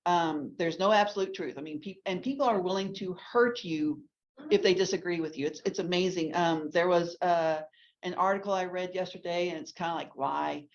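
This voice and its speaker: A woman's voice: lowish voice, moderate pace. A woman from Texas, teaching a ladies' Bible class in a chatty way full of restarts and asides. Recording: dull lo-fi recording.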